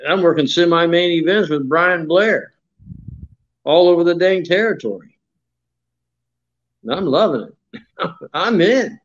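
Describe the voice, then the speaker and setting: A man's voice: on the high side, animated, a little slow, long pauses, dull audio. An older man, a retired wrestler telling stories in a folksy, rambling way and acting out the voices of others. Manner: folksy, acts out quoted voices, many fillers. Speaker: retired pro wrestler, interview guest. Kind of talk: shoot interview storytelling.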